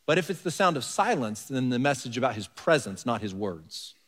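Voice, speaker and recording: A pastor with a mid-range voice preaches quickly, his pitch swinging widely, in a conversational style. Throwing rhetorical questions at the congregation, he stresses key words heavily as his voice rings through a large, reverberant sanctuary.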